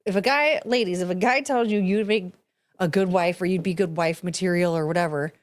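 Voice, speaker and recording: A woman's voice: on the low side, fairly quick. A young woman hosting her own solo podcast, ranting bluntly and sarcastically, swearing freely and laughing as she goes. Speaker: podcast host. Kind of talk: solo casual chat, ranting to a camera.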